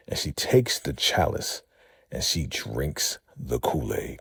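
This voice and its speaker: A man's voice: extremely low pitch, sing-song, a little slow, gravelly, breathy edge, no room sound, clean studio sound. A man hosting a casual vlog recap of a TV episode, chatty and calling his viewers fam.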